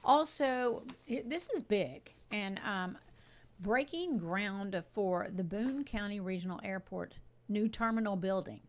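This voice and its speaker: A chatty woman, co-hosting a small-town TV talk show. She runs through community events in an upbeat, friendly way with quick asides. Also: medium pitch. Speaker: co-host of a local TV talk show. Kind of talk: casual chat reading community announcements.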